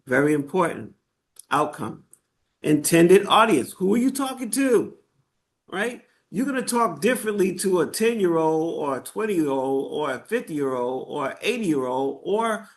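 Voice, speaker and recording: A man teaching a live online workshop in a conversational way, often checking in with his listeners and using fillers as he goes. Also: fairly high pitch. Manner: conversational, checks in with "right?" and "okay?"; frequent fillers and restarts. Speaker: workshop instructor.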